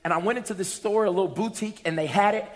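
A man preaching a sermon in a church, animated and humorous, pulling the congregation in with questions. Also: high-pitched, very fast. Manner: animated, humorous, call-and-response. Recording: echoey hall.

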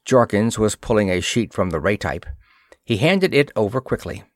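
A man's voice: fairly low pitch, moderate pace, no echo, studio quality. Male storyteller reading pulp fiction. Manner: steady storytelling read. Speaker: narrator. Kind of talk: scripted narration of a pulp science-fiction story.

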